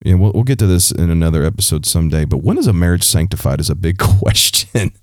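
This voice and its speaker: A man's voice: deep voice, big pitch swings, fast, no echo, studio quality. A man hosting a Christian advice podcast, answering a listener's question in a conversational, preacherly way. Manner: conversational, preacherly, with frequent "you know" and restarts. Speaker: podcast host.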